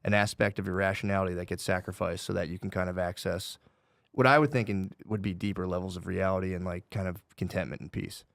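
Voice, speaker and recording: A man's voice: sits low, level tone, fast talker, creaky, fairly bright tone, dry recording, studio quality. A man in his thirties chatting casually as a comedian guest on a podcast, rambling and swearing, with "dude" in every other sentence. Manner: rambling, swears a lot, says "dude" often.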